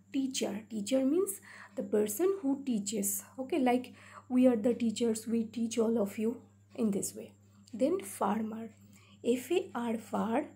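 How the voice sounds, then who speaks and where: A woman's voice: fairly high pitch, vocal fry, dark tone. A woman teacher with a South Asian English accent, patiently spelling out words syllable by syllable in a phonics lesson. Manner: slow, patient syllable-by-syllable explaining.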